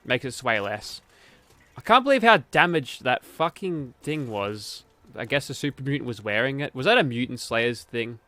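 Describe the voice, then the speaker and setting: A man's voice: mid-range voice, animated, moderate pace, bright, forceful tone, dry recording. A man streaming a game, giving casual commentary while he mutters, grumbles and swears.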